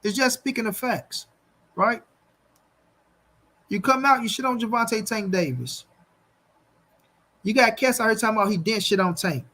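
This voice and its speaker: A man's voice: high voice, moderate pace, pauses often, sharp tone. A man hosting a boxing channel, talking bluntly and with lots of profanity straight to his viewers on a livestream, and repeating his points for emphasis. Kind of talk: livestream commentary rant.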